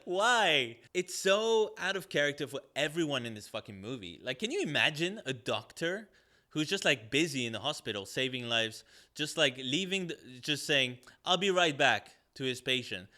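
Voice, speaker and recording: A man's voice: on the high side, sing-song, moderate pace, pushed and bright. A man reviewing a movie on a podcast, ranting in a sarcastic, profane, rambling way with lots of fillers.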